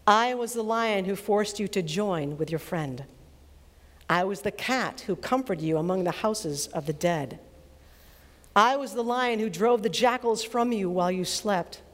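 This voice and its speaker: A woman voicing a vast male lion who speaks slowly, low and gravely, reading in a reverberant hall. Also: lightly acted. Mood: solemn. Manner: slow, grave, low and deep. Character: vast, solemn male lion, calm and commanding.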